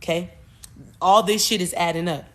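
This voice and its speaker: A woman hosting a podcast, retelling a movie plot in a loose, animated way, with cursing and frequent self-corrections. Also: on the low side, normal speed, a little hiss or hum. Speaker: podcast host.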